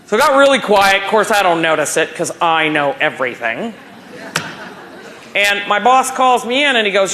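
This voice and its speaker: A woman in her forties gives a motivational talk to a conference audience. Her pitch leaps and falls as she tells stories and acts out what people said. She speaks to the crowd from a stage. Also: normal speed, a little hiss or hum. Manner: animated, telling stories and acting out dialogue. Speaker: keynote speaker at a professional conference.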